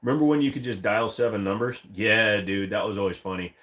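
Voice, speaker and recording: A man's voice: lowish voice, a little fast, a bit bright. Casual swearing man chatting with his stream. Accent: Northern Virginia. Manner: swearing, slips into joke voices and accents. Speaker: streamer answering chat. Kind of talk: casual live chat.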